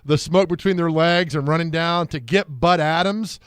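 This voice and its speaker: Casting: male radio co-host, slightly high voice, dry studio, rambling storyteller. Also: moderate pace, a bit bright, clean tone, no room sound. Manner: rambling, storytelling, many restarts. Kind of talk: sports talk radio.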